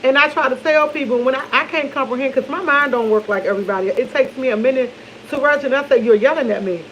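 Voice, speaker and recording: A woman's voice: high-pitched, fast talker, fairly bright tone, dull audio, slight background noise. A woman chatting over morning coffee to her viewers, rambling and laughing, often losing her train of thought. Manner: loose and chatty, speaks to viewers as y'all. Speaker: vlogger. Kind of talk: casual morning chat to camera.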